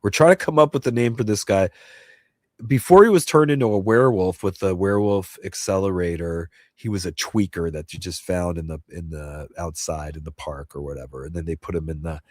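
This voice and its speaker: A man's voice: sits low, dry recording, studio quality. A middle-aged man hosting a casual livestream chat from home, rambling with many fillers and restarts and reading chat messages aloud. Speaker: host.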